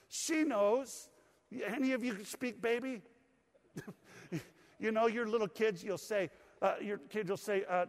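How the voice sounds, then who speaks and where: High-voiced older male pastor in a reverberant hall. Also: moderate pace. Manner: conversational, folksy preaching with humor. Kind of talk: sermon. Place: church sanctuary.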